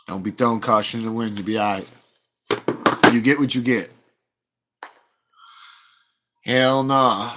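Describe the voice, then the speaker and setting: A man talks straight to his livestream viewers. He rambles from story to story, blunt, profane and unbothered, in a voice sitting in a middle pitch. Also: bright, forceful tone. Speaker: livestream host. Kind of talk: casual livestream chat to viewers.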